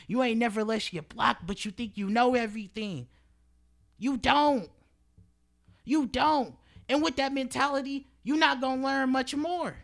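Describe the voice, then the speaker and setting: A young man in his early twenties hosts a motivational monologue with a high, bright, forward voice. He talks emphatically and preachily in loose slang, swearing and hammering his points through repetition. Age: early 20s. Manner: repeats phrases for emphasis. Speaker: podcast host.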